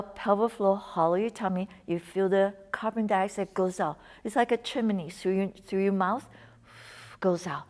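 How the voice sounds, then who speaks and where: A woman's voice: mid-range voice, moderate pace. Woman coaching a breathing lesson. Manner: coaching, encouraging, slips into soft whispers on cues. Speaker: wellness instructor.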